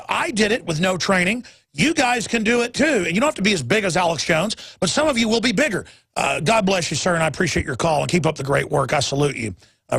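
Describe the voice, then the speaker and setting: A man's voice: high voice, gravelly, a bit bright, slightly rough, no echo. A man hosting a call-in talk radio show, ranting in an emphatic, rambling way.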